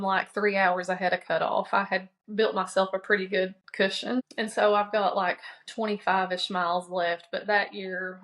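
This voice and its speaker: A woman's voice: medium pitch, fairly bright tone, rough recording. A woman, a guest on a podcast, telling a personal story in a conversational way and acting out what she and others said. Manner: conversational, many fillers and restarts; quotes herself and others in dialogue.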